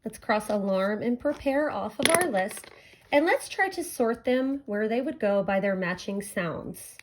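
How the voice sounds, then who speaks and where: A woman teacher giving a recorded phonics lesson to children, speaking clearly and drawing out each sound. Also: medium pitch, lively intonation, slight background noise. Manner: slow, clear, stretching out sounds for young learners.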